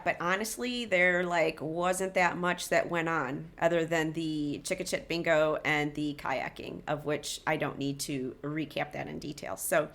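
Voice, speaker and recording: A woman's voice: on the low side, fairly bright tone. A woman hosting a casual TV recap, candid and opinionated, talking straight to her viewers. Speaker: reality TV recap host.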